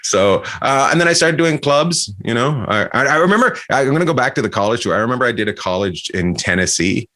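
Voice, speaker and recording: A man from Canada, a comedian guest, telling animated anecdotes in a casual chat, laughing and restarting often. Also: medium pitch, fast, few pauses.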